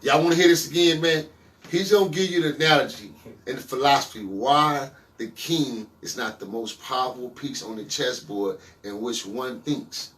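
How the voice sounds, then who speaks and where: A man hosting a casual podcast with a Los Angeles accent, talking in an animated, profane way with hype interjections. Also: mid-range voice, recorded from a distance. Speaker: podcast host.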